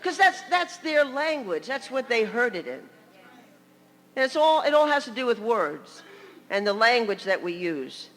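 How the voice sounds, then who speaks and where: A woman's voice: fairly high pitch, big pitch swings, measured pace, a bit bright, big-room sound. An older woman from New York preaching a sermon as a story, chatty, with laughing asides and many "you know"s.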